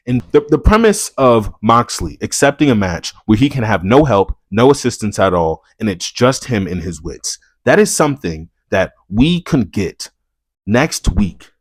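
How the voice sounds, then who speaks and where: A man reviewing a wrestling show in a casual, rambling way. He swears freely and often trips over and repeats his words as he gets excited. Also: medium pitch, no room sound, clean studio sound. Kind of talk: casual profane commentary.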